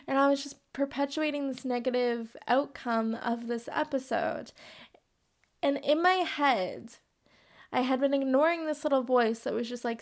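A woman's voice: sits high, a little slow. A young woman hosting a solo podcast, talking candidly and casually, full of "like" fillers and swearing freely. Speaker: podcast host.

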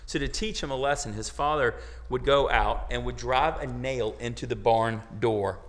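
A man's voice: medium pitch, normal speed. A man preaching a sermon to his congregation, talking in a conversational way with joking asides. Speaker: pastor. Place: church sanctuary. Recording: long hall reverb.

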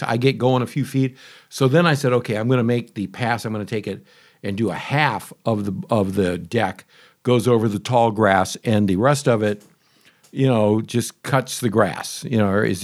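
A man telling a casual, rambling story to camera about testing a new mower, chatty and full of asides and grumbles. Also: medium pitch. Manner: chatty, conversational, self-interrupting. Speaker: homeowner reviewing a lawn mower.

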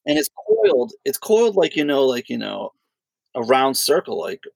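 A man co-hosting a podcast, telling a story in a rambling, profane, animated way. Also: medium pitch, moderate pace, gravelly, breathy edge, no echo. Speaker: podcast co-host. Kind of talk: casual storytelling.

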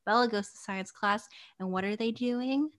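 A woman's voice: a little high, moderate pace. A young woman co-hosting a casual book chat, laughing often and acting out characters' lines. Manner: giggly, animated, acts out characters' lines. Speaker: podcast co-host.

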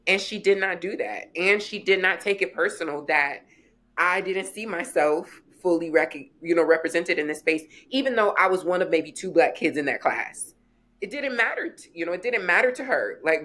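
A woman in her forties, a guest author on a podcast, telling stories in a lively way and acting out quoted voices. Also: on the low side, moderate pace. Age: 40s. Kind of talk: podcast interview storytelling.

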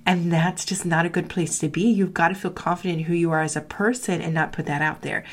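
A woman's voice: lowish voice, fairly even intonation, a little fast, few pauses. A middle-aged woman who coaches marketing students, speaking candidly in a heartfelt motivational talk, with a lot of "like" in her speech. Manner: candid, confessional, frequent "like", acts out quoted voices.

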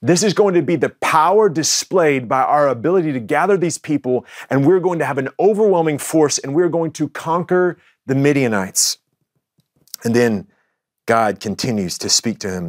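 A man's voice: on the high side, lively intonation, normal speed, no echo, clean studio sound. A man preaching a sermon as the pastor, in a conversational style with frequent restarts and asides to the congregation.

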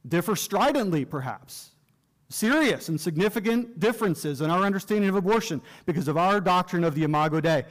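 A man with a high voice preaches to a gathered room in a teaching sermon. He speaks earnestly and deliberately, drawing out the words he wants to stress. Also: expressive. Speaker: pastor teaching a class. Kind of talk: sermon lecture. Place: church room with audience.

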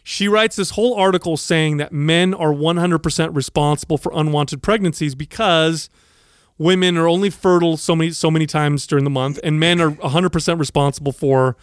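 Animated man telling a story. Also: fairly high pitch, a little fast, clear, resonant tone, no echo, studio quality. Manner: animated storyteller, acts out quoted people. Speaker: podcast co-host. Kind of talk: casual storytelling chat.

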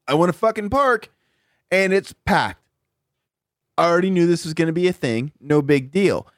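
A man's voice: on the high side, animated, moderate pace, no room sound, clean studio sound. A man co-hosting a podcast, ranting in an irritated way and swearing constantly in casual chat. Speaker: podcast co-host. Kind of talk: casual profane rant.

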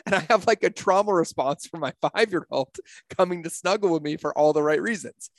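A man's voice: on the high side, a little fast, gravelly, dry recording. A middle-aged man talking in a casual podcast conversation, blunt, profane and emphatic, telling stories from his life. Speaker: podcast guest, entrepreneur.

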